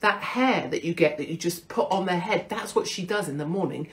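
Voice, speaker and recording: A woman's voice: lowish voice, a little fast. Brash, swearing British woman host. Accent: British English. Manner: brash, swearing, self-mocking. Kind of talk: casual monologue.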